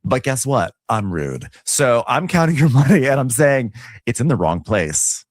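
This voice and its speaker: A man co-hosting a casual recap podcast, gossipy and animated, laughing often. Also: medium pitch, moderate pace, dry recording, studio quality. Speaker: podcast co-host.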